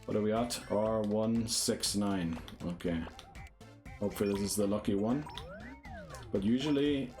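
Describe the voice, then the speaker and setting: Low-voiced man chatting over gameplay. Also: a little slow, warm tone. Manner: chatty, self-deprecating, thinking aloud to viewers. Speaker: streamer playing a motion-control game. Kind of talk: casual live gameplay commentary. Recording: game music playing behind the voice. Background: game music.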